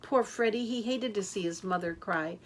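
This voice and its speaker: An older woman reading a children's picture book aloud in a lively, expressive way. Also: medium pitch, normal speed, slight background noise. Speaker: storyteller. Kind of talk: children's story read-aloud.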